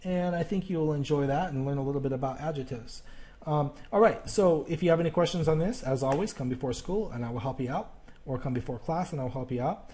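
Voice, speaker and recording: A male teacher talks through a recorded grammar lesson in a warm, mellow voice. He speaks haltingly, restarting sentences and filling pauses with "um" and "uh" as he explains. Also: a little high. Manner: halting, with many fillers and restarts.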